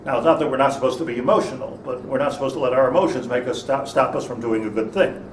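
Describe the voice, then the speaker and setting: Rabbi in an echoey classroom. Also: male voice, mid-range voice, quick pace. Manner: thinks aloud, questions the class, many restarts. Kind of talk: interactive Torah class. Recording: echoey room, far from mic, faint noise.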